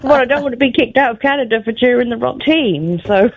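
A woman's voice: on the high side, animated, a little fast, breathy edge. A woman with an English accent calling in to a radio show, chatty and giggly. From England. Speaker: radio caller. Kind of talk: casual phone-in chat. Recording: lo-fi radio phone line.

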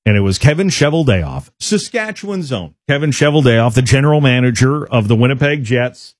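A man's voice: mid-range voice, expressive, a little fast, no echo, clean studio sound. A man hosting a sports radio show, talking in an emphatic, indignant way with frequent restarts. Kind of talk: opinionated sports talk.

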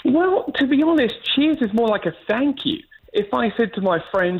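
A man's voice: very high-pitched, expressive, breathy edge, narrow, tinny audio. An English man calling in to a radio show, joking and teasing the host in casual chat. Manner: joking, teasing, quick to laugh. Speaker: caller.

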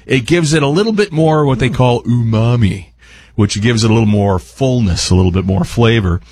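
A man's voice: medium pitch, moderate pace, darkish tone, slightly rough, no echo. A man appearing as a guest chef on a radio show, talking through a recipe in a rambling, jokey, chatty way. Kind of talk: casual cooking chat on radio.

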